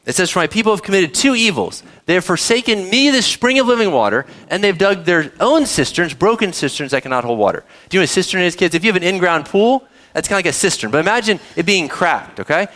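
A man's voice: high voice, fast, hardly any pauses. A man preaching a sermon, reading verses and asking the congregation questions, speaking to kids too. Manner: animated preaching, asks the audience questions, addresses kids. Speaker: pastor.

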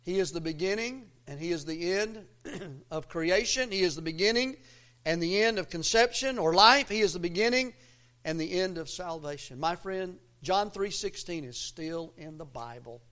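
A man preaching a sermon, swelling into loud emphatic lines and dropping low again, with a folksy, self-interrupting delivery. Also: animated, normal speed. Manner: preaching with rising, emphatic swells and quiet drops. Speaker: pastor.

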